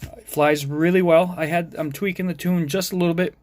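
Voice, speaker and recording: A man's voice: a little high, fairly even intonation, fairly quick, a little mellow, dry recording. Mumbling, chatty man in a dry room. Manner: mumbling, chatty, self-deprecating asides. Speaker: FPV drone hobbyist showing his build. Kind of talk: casual rambling tech vlog.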